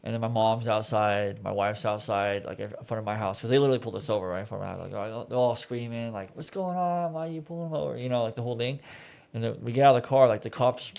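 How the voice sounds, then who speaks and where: A man's voice: lowish voice, little pitch movement, fast, gravelly, a little mellow, clear, resonant tone. A man co-hosting a podcast, telling a personal story in casual chat with lots of "dude" and "like". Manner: storytelling, heavy use of "dude" and "like". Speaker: podcast co-host.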